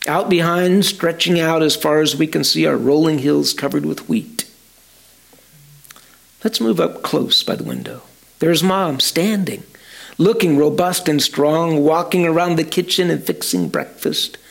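Slow gravelly male storyteller. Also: a little high, expressive. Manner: slow, dramatic, speaks to listeners directly. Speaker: storyteller preacher. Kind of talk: storytelling sermon.

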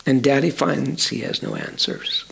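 A man telling a story in a sermon, slowly and dramatically, speaking directly to his listeners. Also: medium pitch, sing-song, creaky, a bit bright. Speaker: storyteller preacher.

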